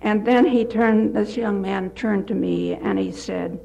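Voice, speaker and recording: An older retired woman giving a gentle devotional talk, telling stories with occasional slips and restarts. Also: mid-range voice, a little slow, gravelly, rough recording. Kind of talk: folksy devotional talk with anecdotes.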